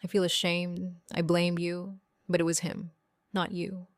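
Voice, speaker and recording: A woman's voice: lowish voice, flat delivery, a little slow, dry recording, studio quality, lightly acted. A woman voicing a remorseful older sister who apologizes in short, simple sentences.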